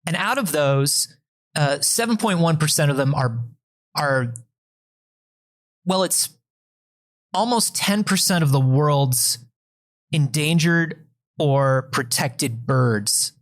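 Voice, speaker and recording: A man with a voice on the high side co-hosts a comedy podcast, speaking expressively and slowly with long pauses. He rambles through statistics, reading them out amid plenty of fillers and restarts in a comedic, casual chat.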